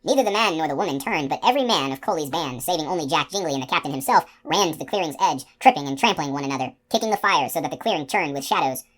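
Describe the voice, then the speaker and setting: A woman narrating a fantasy novel aloud in a steady, expressive reading voice. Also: low-pitched, fast, few pauses. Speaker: audiobook narrator. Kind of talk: scripted narration.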